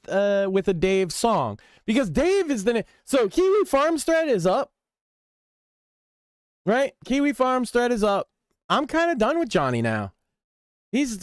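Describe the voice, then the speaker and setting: A man's voice: high-pitched, smooth, no room sound, studio quality. A man hosting a casual commentary stream, reading forum posts with wry, offhand remarks. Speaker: stream host.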